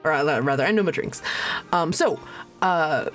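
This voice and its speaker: A woman's voice: low voice, animated, fairly quick. Rambling woman running a tabletop game. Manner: rambling, many ums and restarts, laughs often. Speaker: dungeon master. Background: faint music.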